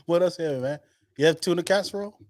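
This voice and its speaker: A man's voice: fairly high pitch, quick pace, no echo, studio quality. A man co-hosting a podcast, teasing his friends with playful questions in casual banter. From Hispanic background. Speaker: podcast co-host. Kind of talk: casual chat.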